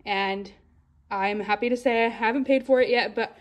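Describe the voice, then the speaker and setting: A woman talking through her photocard collection in a casual vlog, chatty and excited, a little out of breath. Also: fairly high pitch, moderate pace. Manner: chatty, excited, rambling with frequent restarts. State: slightly out of breath.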